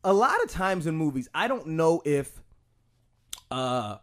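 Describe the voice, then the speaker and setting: A man's voice: on the high side, sing-song, measured pace, a bit bright. A man co-hosting a podcast, chatting casually in a rambling, profane way full of fillers and restarts. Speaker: podcast co-host.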